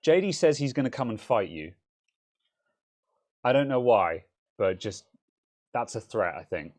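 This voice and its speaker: A man's voice: mid-range voice, big pitch swings, a little slow, darkish tone. A young English man with a Home Counties accent, co-hosting a casual tech live stream in a rambling, self-interrupting way. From England. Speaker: co-host.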